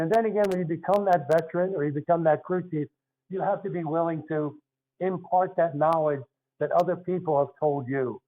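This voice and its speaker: An older man with a Philadelphia accent, a retired basketball referee appearing as a guest, tells stories in an earnest, conversational manner during a casual interview. His voice is on the high side, and the lo-fi recording carries slight background noise.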